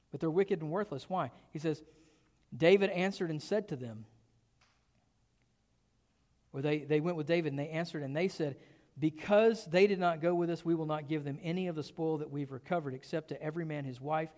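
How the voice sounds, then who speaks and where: His voice rings through a long reverb, like a big church hall, as this pastor delivers a sermon at normal speed. Fairly high and a little mellow, he asks rhetorical questions and hits his key words hard.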